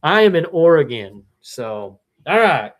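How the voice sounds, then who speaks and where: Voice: medium pitch, big pitch swings, unhurried. A card seller from Missouri, hosting a live-stream card break and rattling off player names with chatty, self-correcting asides.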